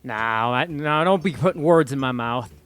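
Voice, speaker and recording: A man voicing a gruff, pessimistic older male veteran pilot in a tabletop game, blunt and folksy in his speech. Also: medium pitch, moderate pace, a bit bright, faint music behind, natural voice. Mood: grim.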